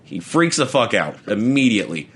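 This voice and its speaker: A man's voice: fairly low pitch, very animated, moderate pace, fairly bright tone, husky. Laughing, rambling young man. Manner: rambling, laughs through his own stories, stammers and restarts. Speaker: podcast co-host. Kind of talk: casual storytelling chat.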